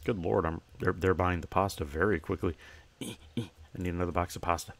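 A man's voice: sits low, fairly even intonation, normal speed. A young man giving casual gameplay commentary, chatting to himself and breaking into playful, chirpy shopkeeper greetings to customers. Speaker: gamer.

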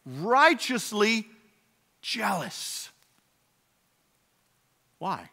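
A man preaching a sermon as pastor, with a dramatic delivery that swings between loud emphasis and hushed, low passages, asking many rhetorical questions. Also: very animated, extremely slow, gravelly, slightly rough, in a large hall. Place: church sanctuary.

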